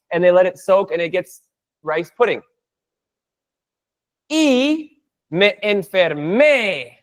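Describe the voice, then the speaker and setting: A man teaching a live online Spanish class, playful and chatty, breaking down jokes and phrases for his students. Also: high voice.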